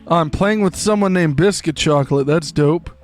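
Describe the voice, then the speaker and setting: A man's voice: a little high, normal speed, faint music behind. A young man live-streaming a game, chatting in a rambling, jokey way. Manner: rambling, jokey, trails into silly voices. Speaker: gaming streamer. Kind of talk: casual live-stream chat while gaming.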